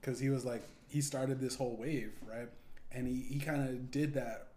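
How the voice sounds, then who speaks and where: A man's voice: mid-range voice, fairly even intonation, normal speed, dark tone. A man hosting a podcast in casual, rambling chat, swearing and laughing often. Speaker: podcast host. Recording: echoey room, faint background noise.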